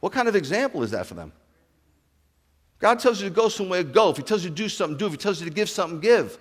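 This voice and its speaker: A man preaches to his congregation with a somewhat high voice. He acts out the dialogue and keeps asking his listeners questions. A long hall reverb trails his words. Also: very animated, fast. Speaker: rabbi. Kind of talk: sermon.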